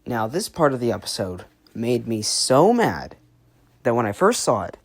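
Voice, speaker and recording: A low-pitched woman with a husky voice rants angrily through her review. She swears constantly, rambles with a lot of "like" fillers and swings her pitch widely. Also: very animated, normal speed. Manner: angry, profane ranting. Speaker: cartoon reviewer. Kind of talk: ranting commentary.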